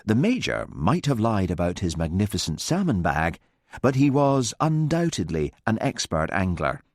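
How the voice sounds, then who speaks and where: This is scripted narration of a mystery audiobook by a man whose voice sits on the low side. His storytelling is measured and expressive, and the studio-quality recording carries no room sound.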